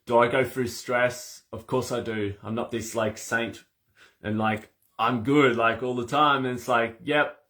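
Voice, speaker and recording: A man coaching breath work in a casual conversation, animated and laughing as he acts out little scenes. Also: mid-range voice, a little slow.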